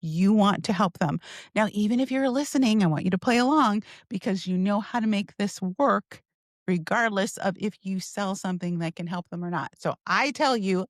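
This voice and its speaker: A woman sales coach teaching in an upbeat, expressive way and acting out example lines. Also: medium pitch, brisk, dry recording, clean studio sound. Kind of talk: teaching monologue.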